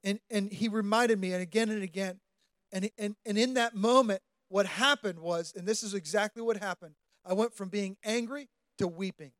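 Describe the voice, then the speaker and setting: A high-pitched man delivers a sermon from the pulpit. His dry, close sound carries a storytelling ease that climbs into fervent preaching. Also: normal speed, a bit bright, no room sound. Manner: storytelling, building to impassioned preaching. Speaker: pastor. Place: church sanctuary with congregation.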